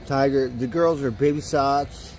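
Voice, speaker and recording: A man's voice: medium pitch, a little slow, a little mellow, faint music behind. A man hosting a livestream, chatting casually and rambling, swearing now and then and cooing at his cats. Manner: laughs easily, swears casually. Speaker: livestream host.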